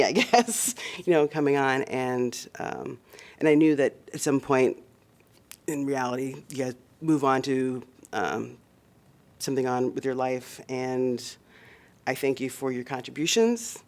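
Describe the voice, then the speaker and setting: A man speaks as a city commissioner at a public meeting, in a voice of middling pitch. His thanks come out halting and warm, broken by fillers and small laughs. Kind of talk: public meeting farewell remarks.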